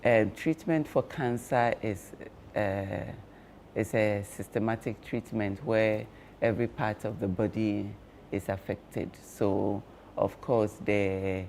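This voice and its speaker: Male health guest, measured and unhurried, lots of "um"s, low voice. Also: steady tone, darkish tone, a little hiss or hum. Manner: slow, measured explaining with frequent fillers. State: talking with cloves in his mouth. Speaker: health guest on a breakfast show. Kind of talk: explanatory studio talk.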